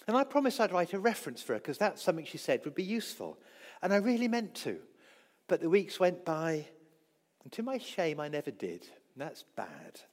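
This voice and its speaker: A high-voiced man delivers a sermon with a very lively, rising and falling delivery. He acts out the quoted voices and swings between loud and hushed. His voice rings with the long echo of a church hall. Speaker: preacher.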